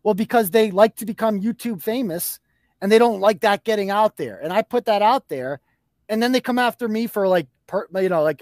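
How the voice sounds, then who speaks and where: A man's voice: high-pitched, a little fast, a little mellow, dry recording. A man hosting a podcast, ranting in a profane, combative and mocking way. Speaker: host. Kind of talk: heated podcast rant.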